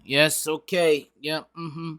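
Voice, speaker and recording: Brief: a man playing a meek, groveling driver, soft and bright, all "yes sir.". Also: a little high, level tone, takes it slowly, clear, resonant tone. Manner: groveling, mocking. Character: fawning servile male racer signing a contract.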